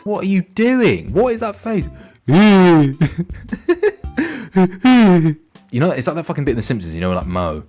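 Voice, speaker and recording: A man's voice: deep voice, a little mellow. A young man streaming a game, rambling and joking crudely in casual banter. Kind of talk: casual gaming stream commentary.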